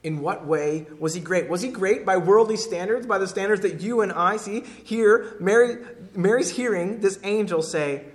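A man's voice: high voice, moderate pace. A man preaching a sermon, emphatic and repeating key phrases for weight. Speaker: pastor.

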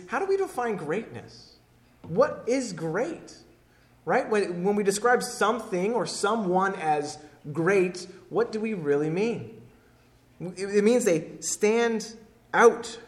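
Emphatic higher-voiced male preacher. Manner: emphatic, repeats key phrases. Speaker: pastor. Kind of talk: sermon.

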